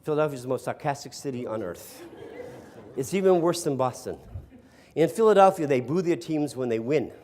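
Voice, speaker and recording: A man's voice: medium pitch, lively intonation, a little fast, a little mellow. An older man from the East Coast, a sarcastic storyteller who speaks to an audience of teachers and asks them questions. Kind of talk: storytelling workshop talk. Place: room with a live audience.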